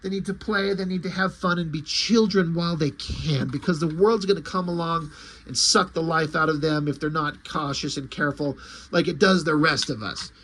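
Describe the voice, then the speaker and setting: A middle-aged man recapping a comic book casually, animated and emphatic, with some swearing. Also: fairly high pitch, normal speed, slight background noise.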